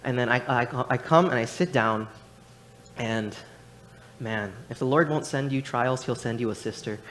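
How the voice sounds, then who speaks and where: A man's voice: mid-range voice, normal speed, a bit bright, slight background noise. A young adult man preaching in church, telling a personal story with frequent restarts and repeated words. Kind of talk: sermon. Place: church sanctuary.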